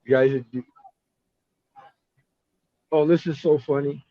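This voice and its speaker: Casual male talker on a video call, animated storyteller, muffled lo-fi audio. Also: fairly high pitch, slow pace, no echo.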